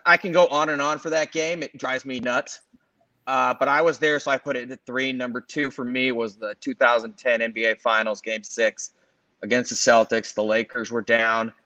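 A man's voice: mid-range voice, pushed and bright, dry recording. A man in his forties from the Los Angeles area rambles through casual sports chat and keeps correcting himself. He sounds dull and lo-fi. The sound is dry and close. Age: 40s. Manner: rambling, self-correcting, fond of fillers. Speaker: podcast co-host.

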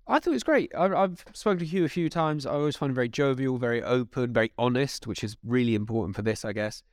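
Lively quick-talking podcast co-host man. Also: mid-range voice, no echo, studio quality. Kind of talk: casual chat.

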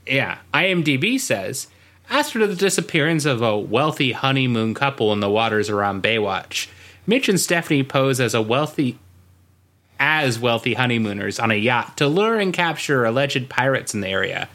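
Rambling through a casual podcast conversation, this co-host keeps cracking himself up. He talks at a normal speed in an expressive, mid-range voice with a slightly bright tone.

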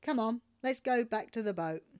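A woman's voice: fairly high pitch, lively intonation, moderate pace, clean tone, no room sound, close to an everyday voice. A woman quoting a blunt, unsympathetic male companion in an offhand way.

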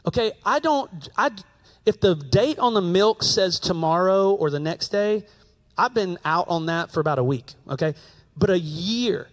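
An American man preaching a sermon, telling a story in a conversational way and repeating his key phrases. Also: high-pitched. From United States. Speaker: pastor.

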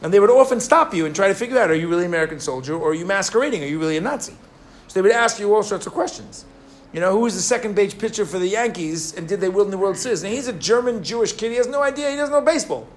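A man's voice: high-pitched, expressive, racing, a little hiss or hum. A man giving a sermon to a live audience, telling a story and asking his listeners questions, with many restarts.

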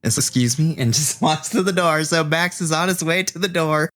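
A man running a tabletop game as game master, animated and laughing often as he narrates. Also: fairly high pitch, moderate pace.

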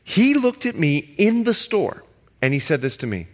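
A middle-aged male pastor preaching a sermon, telling stories with animated, shifting pace and acting out quotes. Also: on the high side, normal speed.

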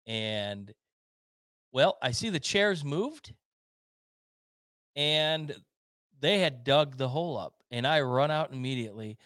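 Slow and expressive, with long pauses, a man co-hosting a relaxed podcast wanders through stories full of "um"s and restarts, laughing frequently. His mid-range voice is clear, resonant and a touch bright, captured dry.

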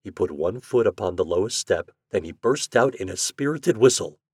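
A man narrating an old holiday story aloud in an expressive, lively manner. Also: low voice, normal speed, breathy edge, no room sound, clean studio sound. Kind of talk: storybook reading.

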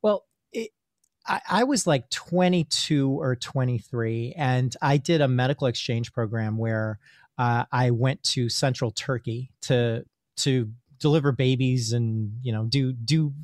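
Excitable storytelling man, dry sound. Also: mid-range voice, a little slow, dry recording. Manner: animated storyteller, often repeats words while searching for them. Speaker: physician guest. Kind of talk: casual podcast conversation.

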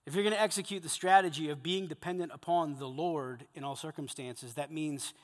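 A man preaching a sermon to a group of men, animated, swinging between loud emphasis and hushed intensity. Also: fairly high pitch, fairly quick, long reverb tail. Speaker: pastor.

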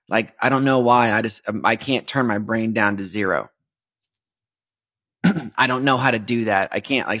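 A young adult man talks through his faith on a podcast. He speaks in a relaxed, conversational way, full of "like" and restarts, at an ordinary middle pitch. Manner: conversational, many fillers and restarts. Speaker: podcast host. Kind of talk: casual faith talk.

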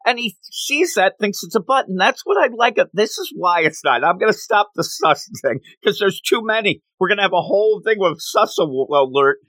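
Man, co-host, high-ish bright voice, bouncy delivery, dry close sound. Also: moderate pace, few pauses, no room sound. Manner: animated, giggly, acts out quotes. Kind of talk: casual chat recapping a comic.

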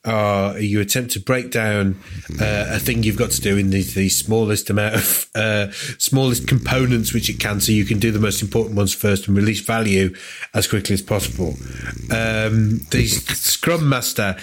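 A man's voice: on the low side, fairly even intonation, normal speed, slight background noise. A man in casual chat, explaining things in an amused way.

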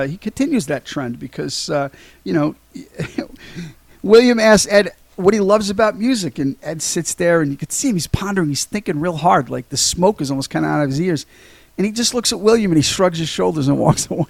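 A man's voice: high voice, expressive, normal speed, vocal fry, no room sound. A man co-hosting a podcast, casually recapping a film scene by scene, with lots of ums and restarts. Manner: rambling, many ums and restarts. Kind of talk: casual chat.

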